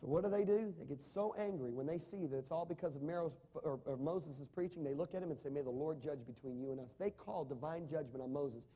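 A man delivers a sermon in a high but mellow voice. He asks his listeners rhetorical questions and reads scripture aloud with growing emphasis. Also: a little fast, few pauses, breathy edge. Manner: animated, rising to emphatic reading of scripture. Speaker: pastor.

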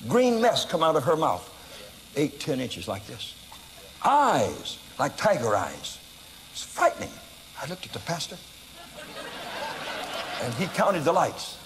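An older American man preaching, telling a story in an animated way with sudden shouts and laughter at himself. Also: a little high, takes it slowly, pauses often, in a large hall, noisy background. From United States. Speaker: evangelist preacher. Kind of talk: storytelling sermon.

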